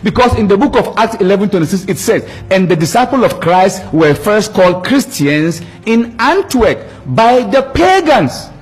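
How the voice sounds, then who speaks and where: A man's voice: high voice, normal speed, hardly any pauses, slightly rough. A man preaching and retelling a debate, acting out both sides with emphatic repetition. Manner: animated, acts out both sides of the exchange; emphatic, repeats words for effect. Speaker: Islamic preacher.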